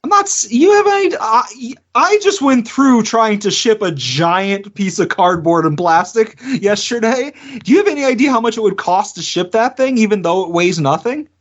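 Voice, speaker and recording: A man's voice: high-pitched, lively intonation, normal speed, few pauses. A man co-hosting a podcast in casual chat, giving wry replies and laughing easily. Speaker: podcast co-host. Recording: dull lo-fi podcast audio.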